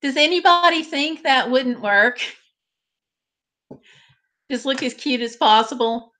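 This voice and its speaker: A woman's voice: sits high, slow pace, pushed and bright. A woman hosting a live stream, chatting casually and directly with her viewers.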